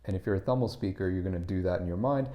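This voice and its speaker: A man with a slightly low, mellow voice gives a casual pronunciation lesson. He explains patiently, stumbling into restarts and repeated words as he works out his point. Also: racing, highs cut off, slight background noise. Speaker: English pronunciation coach.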